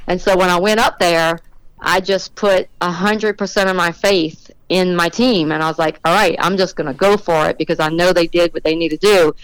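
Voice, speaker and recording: Woman telling a race-day story, low smooth voice. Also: normal speed, no echo, rough recording. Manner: animated storytelling, acts out quoted voices. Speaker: drag racing motorcycle rider, guest. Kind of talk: podcast interview storytelling.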